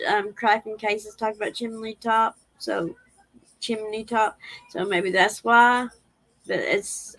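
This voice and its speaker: A woman's voice: medium pitch, a bit bright, rough recording. A woman, rambling in a casual livestream chat and reading viewer comments aloud. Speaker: livestream host.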